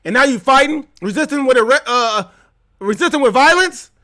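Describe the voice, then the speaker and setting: A man reacts to a video in loud, sassy commentary, laughing and teasing as he goes. His voice sits very high and sounds bright and forceful. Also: lively intonation, fairly quick.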